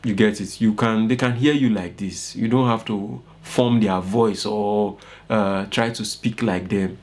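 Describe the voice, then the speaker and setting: A man's voice: lowish voice, fairly even intonation, a little slow, a little mellow. A young man with a Nigerian accent teaching an informal online course, coaching his listeners and often checking "you get it?". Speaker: course instructor.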